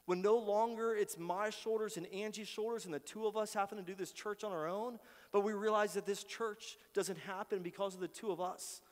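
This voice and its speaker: Male pastor, high-pitched, earnest sermon voice, hall reverb. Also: fairly even intonation, fairly quick. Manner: earnest, shifts between quiet prayers and loud pleading. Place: church sanctuary.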